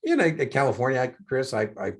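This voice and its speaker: A man's voice: medium pitch, wildly swooping pitch, fast talker. An older man tutoring one student over a video call for an exam, chatty with joking asides.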